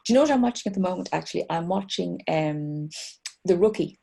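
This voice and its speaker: Middle-aged woman, lower pitch, mellow and slightly raspy, rambling chat guest on a video call. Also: animated, quick pace. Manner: chatty, self-mocking, rambling with restarts. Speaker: author guest. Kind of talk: casual chat.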